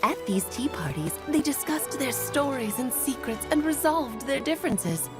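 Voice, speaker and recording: A woman's voice: high-pitched, lively intonation, normal speed, over music. A woman voicing a grand, playful female mage in a video game, with a theatrical, teasing storyteller's manner. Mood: storytelling.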